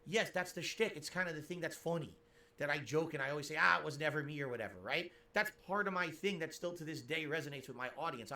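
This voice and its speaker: A man's voice: fairly high pitch, lively intonation, quick pace, bright, forceful tone. A male streamer explaining himself to his audience in a defensive, talky way. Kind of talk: streaming commentary.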